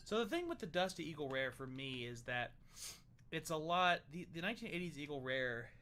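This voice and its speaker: A man's voice: on the high side, sing-song, fairly quick, bright, forceful tone, clear, resonant tone. A young man hosting a livestream, chatting loosely and joking while tasting bourbon. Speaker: livestream host. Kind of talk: casual tasting chat.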